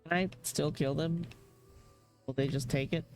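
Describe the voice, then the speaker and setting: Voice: medium pitch, fairly even intonation, moderate pace, darkish tone. A young adult streamer giving casual live commentary while playing and chatting with viewers, swearing freely, laughing often and rambling in a jokey way. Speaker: game streamer. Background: faint game music.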